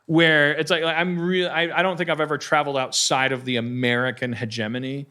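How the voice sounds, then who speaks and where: A man's voice: fairly high pitch, level tone, brisk, bright, forceful tone, clean tone. A man hosting a live comedy podcast, telling a rambling, stammering story and acting out voices. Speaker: podcast host. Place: live stage before an audience.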